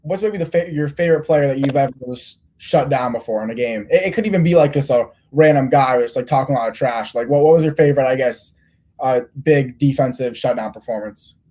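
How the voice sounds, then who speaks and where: Male interviewer, fast rambling talk, mellow tone. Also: medium pitch. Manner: rambling, many restarts. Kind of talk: casual interview.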